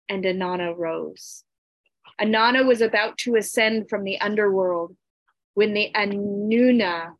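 A woman narrating an ancient myth in a deliberate, solemn storytelling style. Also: medium pitch, no echo.

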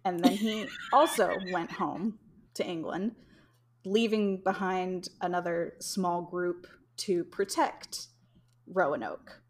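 Slow, low-voiced woman telling history. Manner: rambling, laughs often, swears casually. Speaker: podcast host telling history. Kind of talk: casual chat.

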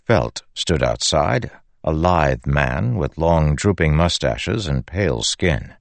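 A man reading an audiobook in a measured, even scripted narration. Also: extremely low pitch, creaky, dry recording.

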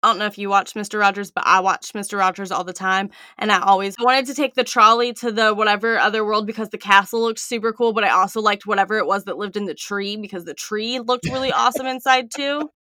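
Female podcast co-host, earnest, bright tone, dry close mic. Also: medium pitch, fairly even intonation, quick pace, few pauses, no echo. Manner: earnest, matter-of-fact, reports findings. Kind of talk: casual chat.

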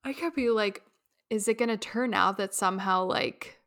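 A woman's voice: mid-range voice, normal speed, a bit bright. A woman co-hosting a podcast in a casual, rambling chat, laughing often. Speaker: podcast co-host.

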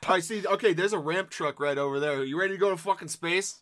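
A man playing an eager, gullible car buyer in an improvised comedy skit, excitable and quick to laugh. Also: high voice.

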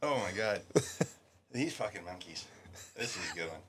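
A low-sitting male voice at normal speed, with a little hiss or hum behind it. A middle-aged ex-soldier on a podcast tells war stories in easygoing chat, full of profanity, lively, and mimicking whoever he's quoting.

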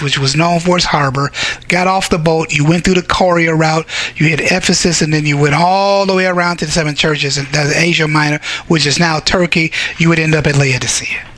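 A man preaching a fervent sermon, reading scripture aloud and breaking into shouts to drive his points home. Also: fairly high pitch.

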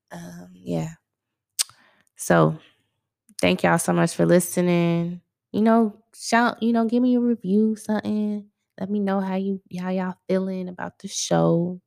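A woman's voice: lowish voice, little pitch movement, measured pace, creaky, darkish tone. A young adult woman hosting her own podcast, chatting casually in a laid-back, slangy way. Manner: laid-back, conversational, loose slangy phrasing. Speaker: podcast host. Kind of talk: casual solo podcast chat.

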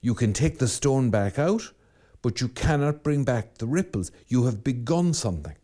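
A priest giving a reflective sermon that drifts into storytelling. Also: male voice, medium pitch, animated, moderate pace, mellow. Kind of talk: spoken sermon.

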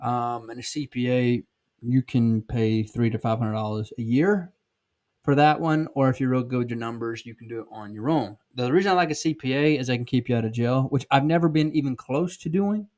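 A man's voice: medium pitch, brisk, darkish tone. Blunt Southern man in his thirties. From South Georgia, USA. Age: 30s. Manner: blunt, folksy, emphatic, with many ums and restarts. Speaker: podcast host and sales trainer. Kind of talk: casual podcast monologue.

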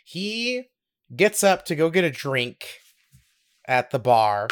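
A young man co-hosting a podcast, telling a story in a casual, giggly, animated way. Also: on the high side, takes it slowly, smooth. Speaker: podcast co-host.

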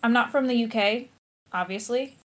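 A woman's voice: on the high side, normal speed, a bit bright. An American woman in casual discussion, analytical and thinking aloud with restarts and fillers. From United States. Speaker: podcast co-host.

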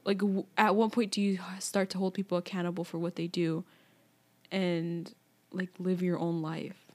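A woman's voice: fairly low pitch, little pitch movement, moderate pace, a little mellow. Slangy young woman chiming in casually. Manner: casual slangy asides, many fillers. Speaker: podcast co-host. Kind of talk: casual chat.

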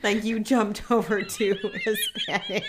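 Casual co-host, woman, brash and playful, curses freely, very animated pitch. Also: takes it slowly, noisy background. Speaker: podcast co-host. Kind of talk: casual chat.

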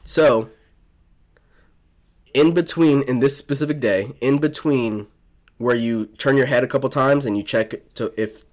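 Young man, podcast host, casual storytelling, swears a lot, restarts, mid-pitched voice. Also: a little slow, long pauses, a little mellow. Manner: rambling, profane storytelling with many restarts.

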